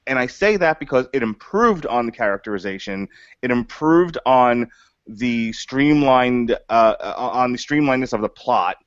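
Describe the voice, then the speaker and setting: A man co-hosting a podcast, chatting casually through a movie review, animated, laughing often and restarting his sentences. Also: mid-range voice, dry recording. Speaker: podcast co-host. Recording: dull lo-fi dry audio.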